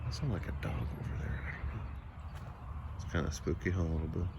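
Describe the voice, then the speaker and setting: A man vlogging on a walk with his cat outdoors, chatting in a soft, rambling way. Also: deep voice, animated, a little fast, creaky. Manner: soft-spoken, rambling, coos baby talk to his cat. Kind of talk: casual chat, talking to his cat and viewers. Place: outdoors in woods near a house. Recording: noticeable outdoor background noise.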